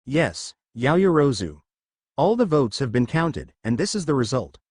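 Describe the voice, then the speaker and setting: A man voicing a tired, bored male teacher who talks in a flat monotone. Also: medium pitch, unhurried, husky, dry recording, clean studio sound.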